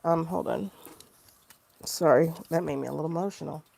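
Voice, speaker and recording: Woman, 40s, livestream tarot reader. Low, gravelly voice; chatty and rambling, emotional. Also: a little fast, a little mellow. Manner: chatty, rambling and emotional, reacting to chat comments. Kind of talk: casual livestream talk with tarot reading.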